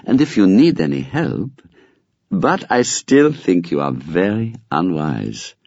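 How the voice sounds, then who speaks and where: A man reading the part of a cautious, smooth middle-aged man in an audiobook, speaking gently and in a measured way. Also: sits low, very animated, no room sound, highs cut off, heavily acted.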